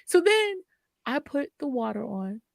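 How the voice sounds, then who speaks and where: A woman co-hosting a podcast, telling a story in a casual, animated way, laughing often and acting out what people said. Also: high-pitched, a little slow, gravelly, dry recording, studio quality. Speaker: podcast co-host.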